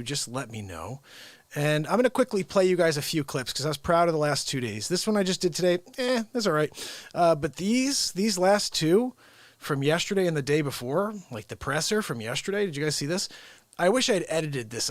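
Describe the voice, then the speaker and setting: A man's voice: on the high side, dry recording. A man hosting his own comedy livestream, chatting casually with viewers and rambling off on tangents. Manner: rambling and chatty, trailing off mid-thought.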